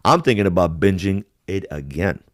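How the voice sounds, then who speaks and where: A man's voice: sits low, normal speed, no room sound, studio quality. Profane, rambling middle-aged New man. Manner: profane, rambling, animated impressions. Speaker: podcast host. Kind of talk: casual chat.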